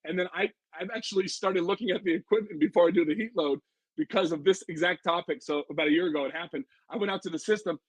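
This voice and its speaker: A man from Arizona, a home heating and cooling sales pro, telling stories as a podcast guest in an energetic, blunt way and swearing freely. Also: high voice, fast talker, husky, no echo, low-quality recording. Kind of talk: casual podcast storytelling.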